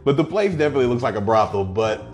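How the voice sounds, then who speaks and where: Man, casual podcast chat, animated, bouncy pitch, faint music behind. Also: racing. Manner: animated, laughing, acts out lines from the film. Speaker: podcast co-host. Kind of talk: casual chat recapping a movie.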